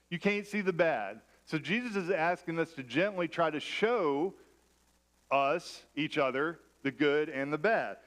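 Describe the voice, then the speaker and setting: Pastor guy preaching in church, chatty and self-deprecating with a bit of a higher voice, tells stories, jokes at his own expense. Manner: conversational, self-deprecating humor. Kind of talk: sermon with personal storytelling.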